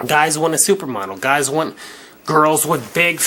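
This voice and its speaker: A man's voice: a little high, animated, moderate pace, sharp tone. A drunk man ranting to camera in a crude, cocky, rambling way, swearing constantly. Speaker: vlogger. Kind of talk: rambling profane rant to camera.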